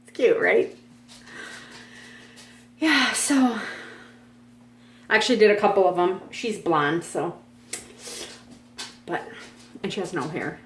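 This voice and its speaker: A woman's voice: medium pitch, slow pace, long pauses, slight background noise. Chatty woman in an echoey room. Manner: chatty and rambling, with frequent fillers. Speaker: vlog host. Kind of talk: casual chat. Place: home on a farm.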